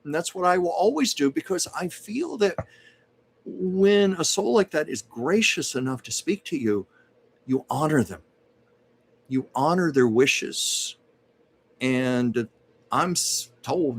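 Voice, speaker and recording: A man's voice: fairly high pitch, expressive, slow, a little hiss or hum. A man hosting a casual livestream at home, chatting and reading viewer comments aloud as a psychic medium.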